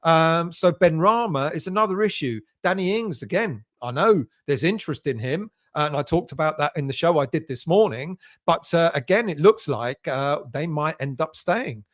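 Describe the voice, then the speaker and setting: A man's voice: fairly high pitch, expressive, normal speed, few pauses, fairly bright tone, no room sound, clean studio sound. A man hosting a fan live stream, chatting casually and greeting viewers by name between fillers. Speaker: fan channel host. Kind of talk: live stream chat reading viewer comments.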